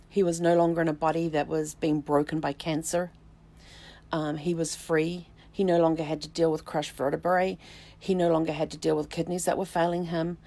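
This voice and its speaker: A middle-aged woman hosting her own vlog, telling a personal story in a reflective, unhurried way, with halting restarts and soft "um"s. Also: low voice, gravelly. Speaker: vlog host, family tree researcher.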